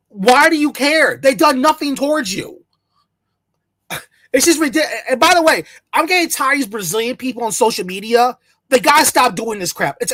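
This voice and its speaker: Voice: high-pitched, a bit bright, no room sound. A channel host giving a heated, profane solo commentary, full of sarcasm and mocking imitations of others. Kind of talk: solo ranting commentary to camera. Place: in the United States.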